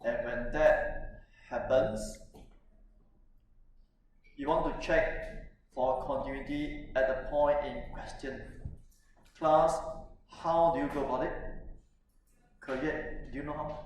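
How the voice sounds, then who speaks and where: A man's voice: mid-range voice, fairly even intonation, takes it slowly, pauses often, dull audio. A man teaching a math class, chatting with students and asking "no?" often, with lots of fillers. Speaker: math lecturer. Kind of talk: live classroom lecture. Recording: echoey classroom from far off, faint noise.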